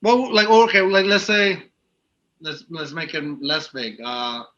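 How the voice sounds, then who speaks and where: A man's voice: a little high, very animated, unhurried, bright, forceful tone, muffled recording, a little hiss or hum. A young man co-hosting a podcast, joking around and reading out listener questions in casual chat. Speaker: podcast co-host.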